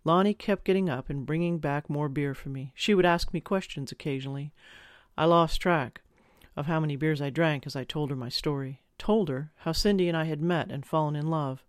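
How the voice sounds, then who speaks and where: A man's voice: fairly high pitch, a little fast, smooth, dry recording. A man narrating a first-person story in a confessional, wry manner on a close mic. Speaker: audiobook narrator.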